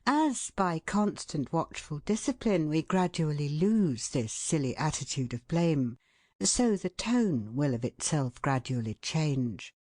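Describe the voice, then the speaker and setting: Low-voiced woman narrating with lively expression. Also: a little slow, dry recording, studio quality. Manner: expressive, shifts tone for quoted speech. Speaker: audiobook narrator. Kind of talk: scripted narration.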